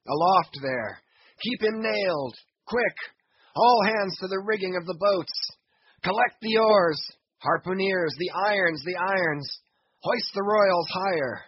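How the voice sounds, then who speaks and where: A man's voice: fairly high pitch, slightly rough, muffled recording, heavily acted. Ahab, a man playing a raging old sea captain. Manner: roaring commands, wild exclamations.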